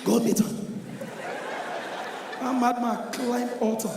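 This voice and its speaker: A man with a Nigerian accent doing live stand-up comedy, telling stories loudly and with energy in Pidgin. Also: very high voice, slow, creaky. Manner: loud, animated storytelling in Pidgin. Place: large venue stage before an audience. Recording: echoey hall with crowd noise.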